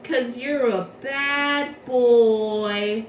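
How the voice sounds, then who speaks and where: A woman's voice: on the high side, drawn-out words, a little hiss or hum. A woman voicing a folksy male guardian who scolds, in an echoey room. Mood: scolding. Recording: echoey room, mic far off.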